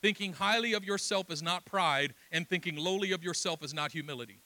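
High, bright-voiced preaching man. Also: a little fast, dry recording. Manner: impassioned preaching, telling stories with quoted dialogue. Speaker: pastor. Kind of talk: sermon.

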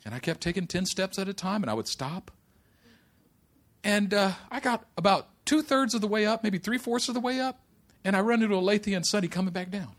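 A man preaching a sermon who mixes loud exhortation with chatty personal stories told through laughter, while recovering from vertigo. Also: high-pitched, lively intonation, a little fast. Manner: shouting exhortation, then laughing personal storytelling. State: recovering from vertigo, easily winded. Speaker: pastor.

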